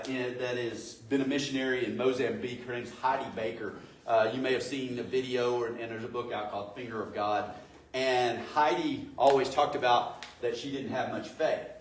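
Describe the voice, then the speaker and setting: Male pastor, conversational sermon full of rhetorical questions; distant mic in a roomy church. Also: medium pitch. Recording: echoey room, distant mic, faint noise.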